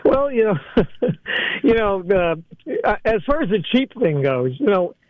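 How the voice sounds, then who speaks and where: A man's voice: high-pitched, very animated, slow pace, no echo, muffled recording. A former male radio co-host in casual chat, rambling and self-deprecating, laughing through his words.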